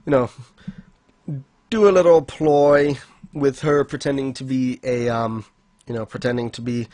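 A man's voice: medium pitch, no echo. A man casually recapping manga chapters on a podcast, rambling with fillers and frequent laughs. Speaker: podcast co-host.

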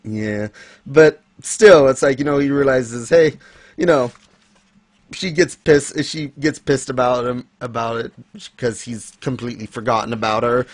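A man hosting a laid-back discussion, wandering through his points with ums and chuckles. His voice sits at a middle pitch. The recording is dry and close. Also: measured pace, dry recording. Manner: rambling, with fillers and laughs. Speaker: podcast host. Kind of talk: casual manga discussion.

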